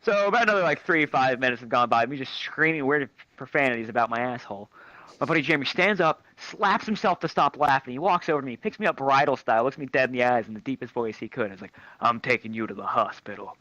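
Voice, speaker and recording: Lively, crude male storyteller. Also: medium pitch, fast talker, no room sound. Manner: crude, animated, shrieks quoted lines. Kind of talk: comic anecdote told to a crowd. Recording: dry, dull lo-fi mic.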